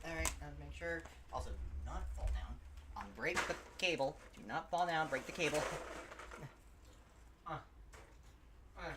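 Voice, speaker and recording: A man's voice: a little high, normal speed, long pauses, background noise. Swearing, stuttering male game streamer. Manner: rambling, swearing, self-described stutter. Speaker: gaming streamer. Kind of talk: casual gameplay commentary.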